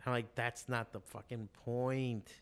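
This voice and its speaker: A comic artist in middle age who runs an art shop talks about drawing and passion during a casual podcast chat, cursing often and telling stories with lots of energy. His medium-pitched voice is clear and resonant, and his pace is a little slow.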